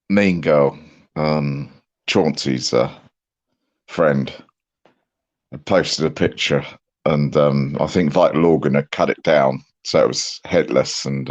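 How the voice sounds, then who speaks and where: A man with an English accent, a guest in a casual online panel chat, talking dryly and laughing often. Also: rumbling low. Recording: muffled lo-fi mic.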